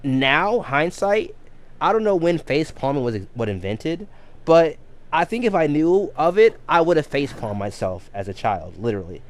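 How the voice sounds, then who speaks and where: A man in his thirties talks casually to his stream audience. He rambles, restarts his sentences and repeats words as he goes. His pitch swings up and down a lot. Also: big pitch swings, moderate pace. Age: 30s. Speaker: game streamer and coach. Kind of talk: casual chat on a live stream.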